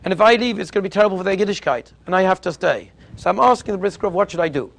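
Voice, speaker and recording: A man giving a Torah lecture as a teacher, an emphatic and animated storyteller. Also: high-pitched, rapid-fire, vocal fry.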